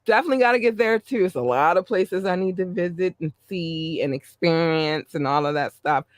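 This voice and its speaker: A man hosting a podcast, reading listener shout-outs in a chatty way with running asides. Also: high-pitched, a little fast, no echo. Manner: warm, chatty, reads a list with asides. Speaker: podcast host.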